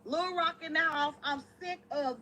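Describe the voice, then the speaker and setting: A woman ranting loudly and profanely to her camera. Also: sits high, moderate pace, a little hiss or hum, poor audio. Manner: brash, loud and profane. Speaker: online creator.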